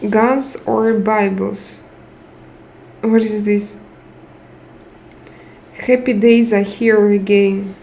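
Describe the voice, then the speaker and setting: Slow-talking tired woman streamer. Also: mid-range voice, steady tone, creaky, a little hiss or hum. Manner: warm, emotional, reads out chat names and thanks viewers. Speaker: live stream host. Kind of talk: casual live chat with viewers.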